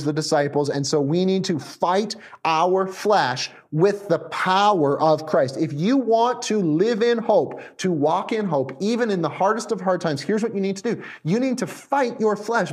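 A man preaching a sermon, animated, shifting between emphatic lines and hushed ones. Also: fairly high pitch. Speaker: pastor. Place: recorded for viewers at home.

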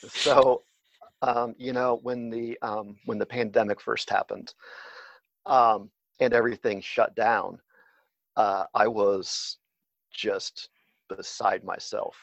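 A man's voice: on the low side, fairly even intonation, slow pace, gravelly, dry recording. A man talking casually as an interview guest, hesitant and full of fillers and restarts, heard on a dull, slightly lo-fi recording. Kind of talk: casual conversation.

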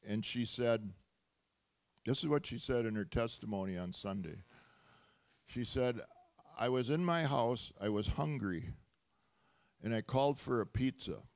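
Male preacher, mid-pitched voice, animated sermon storyteller, laughs and builds to loud praise.

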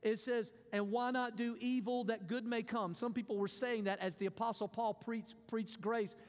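High-voiced preacher in a reverberant hall. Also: male voice, fairly even intonation, normal speed. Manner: emphatic preaching with repetition and acted-out quotes. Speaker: pastor. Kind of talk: sermon.

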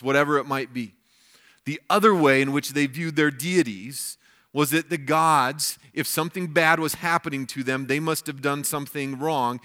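A man's voice: medium pitch, bright, forceful tone. A man preaching a weekend sermon, reading scripture passages aloud and explaining them to the congregation. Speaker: pastor.

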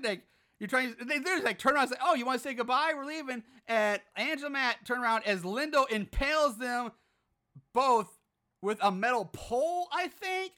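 Podcast host, male, bright voice, profane exasperated recap style. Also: very high voice. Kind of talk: casual movie recap.

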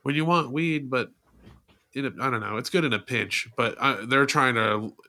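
A man's voice: medium pitch, sharp tone. A man in laid-back casual chat, swearing freely and drawing out his stories. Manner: laid-back, profane, drawn-out storytelling.

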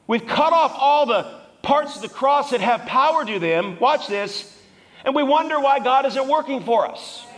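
A male pastor preaching a fervent sermon to a congregation in a large church auditorium, swinging from shouts to hushed asides. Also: very high-pitched, slight background noise. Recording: reverberant hall.

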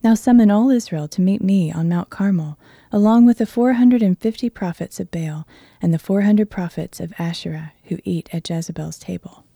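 A bold, defiant male prophet, as a woman reader puts him on, spoken in a low, mellow, earnest voice. The close recording is dry and intimate, with no room sound. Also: normal speed, vocal fry, no room sound. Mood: stern. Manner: earnest, steady reading voice. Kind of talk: Bible reading.

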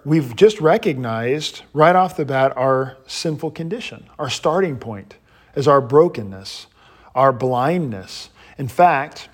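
A man, a pastor, teaching an adult class in a lively way, standing and moving about, often restarting his sentences. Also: a little high. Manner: animated, paces while teaching, frequent restarts.

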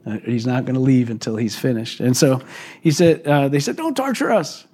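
A man's voice: medium pitch, fairly quick. Man preaching a conversational sermon. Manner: conversational, animated storytelling. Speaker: pastor. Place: church service.

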